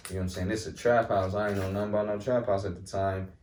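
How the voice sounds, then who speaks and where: Very low, flat-voiced young man. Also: quick pace. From Milwaukee, Wisconsin. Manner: laid-back slangy storytelling, lots of "you know what I'm saying". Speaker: guest. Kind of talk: casual storytelling chat. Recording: roomy echo, distant mic, faint noise.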